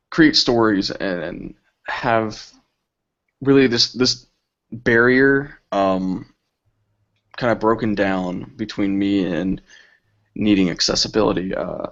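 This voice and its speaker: A young man with a fairly low voice answers interview questions in a relaxed, reflective way. His speech comes through dull, muffled audio from an online call. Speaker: filmmaker guest.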